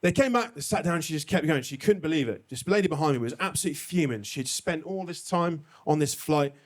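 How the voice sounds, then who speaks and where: A man performing live stand-up, with a slightly high, lively voice that swoops up and down. He tells his story in a chatty, animated way. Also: fairly quick. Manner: animated, chatty, swings between high and low for effect. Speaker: stand-up comedian. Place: comedy venue stage.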